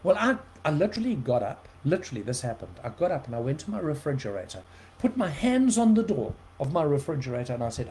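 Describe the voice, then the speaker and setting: A man preaching, telling a personal story with animated shifts between loud and soft. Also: on the high side, quick pace, poor audio.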